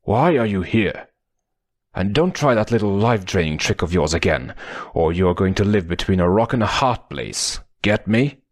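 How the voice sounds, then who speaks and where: A man voicing a blunt male warrior hero in an audiobook, shouting in a raised, urgent voice. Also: lively intonation, normal speed. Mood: threatening. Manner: shouting, urgent, high and loud.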